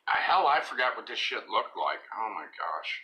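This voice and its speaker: A man's voice: fairly low pitch, very animated, moderate pace, bright, forceful tone, poor audio. A man hosting a casual live show, reading out viewer comments and rambling with lots of fillers and giggles.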